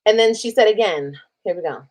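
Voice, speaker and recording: A woman from Texas talks straight to her viewers in a casual storytime livestream. She is candid and emotional, reads old messages aloud and swears freely. Her pitch sits in the middle for a woman. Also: animated, a little fast, a little mellow. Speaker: streamer telling a personal story.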